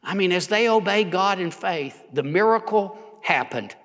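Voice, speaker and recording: A man preaching as a pastor, building to impassioned near shouts and then dropping low and quiet. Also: lively intonation, normal speed, in a large hall. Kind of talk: sermon.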